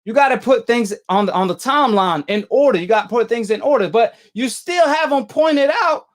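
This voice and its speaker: A man's voice: very high-pitched, fairly quick, few pauses. A man hosting a boxing call-in show, arguing with a caller in a combative, slangy way and repeating himself. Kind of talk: heated call-in debate.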